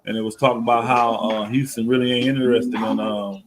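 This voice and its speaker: A man's voice: mid-range voice, level tone, brisk, crowd noise. Laid-back man musing over sports stats. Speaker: podcast co-host. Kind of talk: casual sports chat.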